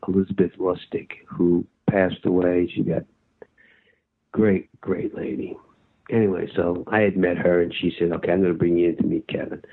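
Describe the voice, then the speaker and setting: An older actor telling a lively anecdote in an interview, acting out his own shouting as he goes. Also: lowish voice. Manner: animated storyteller, acts out his own shouting. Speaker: actor guest. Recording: tinny phone-like line.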